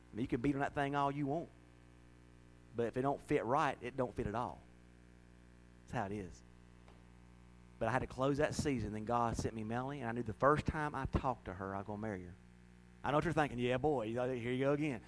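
A middle-aged man preaching a folksy, emotional sermon, breaking into laughs and sudden loud, high rises. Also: fairly quick, pauses often, slight background noise, poor audio. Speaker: pastor.

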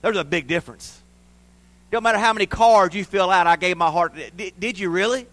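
Bright-voiced man preaching. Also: sits high, fairly quick, no room sound. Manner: impassioned, swings between loud declarations and hushed, quiet stretches; folksy and plainspoken. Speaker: pastor. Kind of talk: sermon.

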